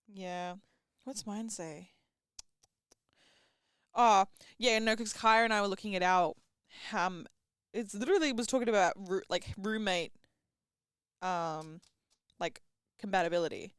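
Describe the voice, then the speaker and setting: A young woman, chatting playfully on a podcast, retelling stories with drama and quiet asides. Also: medium pitch, a little slow, long pauses, clear, resonant tone, no room sound, studio quality. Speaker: podcast co-host. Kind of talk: casual chat.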